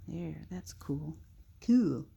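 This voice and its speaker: A young woman narrating a casual drawing tutorial, chatty and thinking aloud with soft muttered asides. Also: low voice, animated, very slow, creaky, breathy edge.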